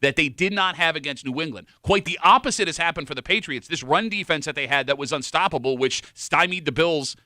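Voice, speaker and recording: A man's voice: fairly high pitch, a little fast, hardly any pauses, sharp tone, no echo, clean studio sound. A man hosting a sports radio show, running the segment and teasing his co-hosts.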